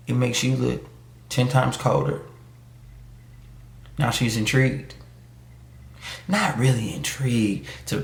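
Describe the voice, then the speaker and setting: A man's voice: mid-range voice, vocal fry, roomy sound. A man giving a casual, emphatic opinion monologue, full of street slang and mocking asides. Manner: emphatic, slangy street talk with mock voices. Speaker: YouTube commentator.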